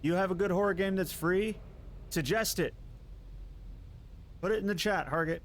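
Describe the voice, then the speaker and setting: A man streaming live gameplay, chatting casually with his viewers, quick to laugh and curse at what happens on screen. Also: high-pitched, slight background noise. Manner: excitable, laughs and swears at the game.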